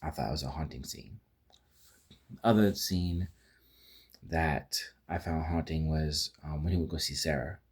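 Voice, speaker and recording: A man's voice: a bass voice, unhurried, long pauses, husky. A man giving a casual spoken film review, rambling with frequent restarts and fillers and acting out quoted lines as he retells scenes.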